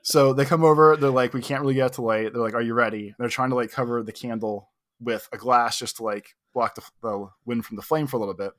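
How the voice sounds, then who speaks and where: A man's voice: medium pitch, steady tone, fast talker, a bit bright. A young man co-hosting a podcast, telling a long, self-mocking story in a casual, rambling way full of "like". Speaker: podcast co-host.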